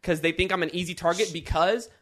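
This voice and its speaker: A young man with a slightly high voice tells a story on his channel in a loose, animated way. He swears freely and leans on fillers, restarting his sentences as he goes. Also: fast. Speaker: YouTuber host. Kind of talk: casual storytelling chat.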